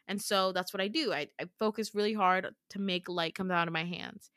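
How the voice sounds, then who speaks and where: A woman's voice: mid-range voice, a little fast, few pauses, no room sound, clean studio sound. Casual young woman retelling a dream. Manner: animated, casual, swears freely. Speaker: podcast host.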